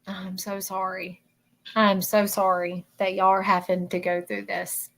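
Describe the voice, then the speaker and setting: A woman with a Southern accent, a spiritual medium hosting a livestream, soft-spoken and apologetic, talking over a video call. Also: medium pitch, flat delivery, measured pace, creaky. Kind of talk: livestreamed reading and chat.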